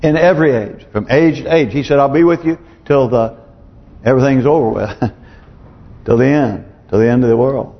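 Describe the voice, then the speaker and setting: A man preaching a sermon in a conversational way, asking rhetorical questions, chuckling to himself and often clearing his throat. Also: mid-range voice, normal speed. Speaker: pastor. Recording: muffled recording, long church reverb.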